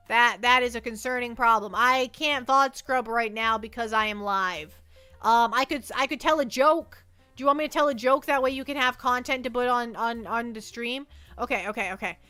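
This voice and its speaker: A woman's voice: on the high side, normal speed, sharp tone, clean tone, soft background music. A woman livestreaming from her desk at home, chatting playfully and rambling as she reads chat messages aloud.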